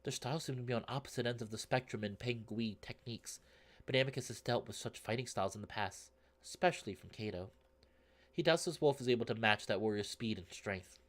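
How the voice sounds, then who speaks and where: Man narrating a visual novel. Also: brisk. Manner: steady narration with excited high-pitched asides. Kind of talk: reading a visual novel aloud. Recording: narration over loud game music. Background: background music.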